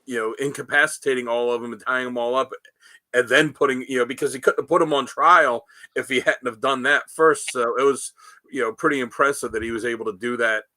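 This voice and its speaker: A man's voice: mid-range voice, steady tone, fairly quick, sharp tone, no room sound. A man co-hosting a casual chat, retelling comic book scenes in a rambling way full of "you know" fillers. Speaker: podcast co-host.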